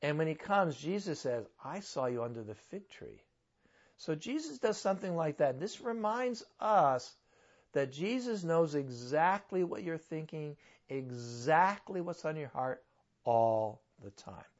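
A man's voice: on the high side, lively intonation, a little slow, lo-fi sound. A man preaching a sermon in a conversational way, asking his listeners rhetorical questions. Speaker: pastor.

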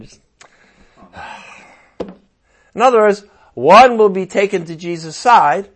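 A man preaching a sermon in a conversational, animated way, with playful asides and sudden outbursts. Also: sits high, slow pace, long pauses.

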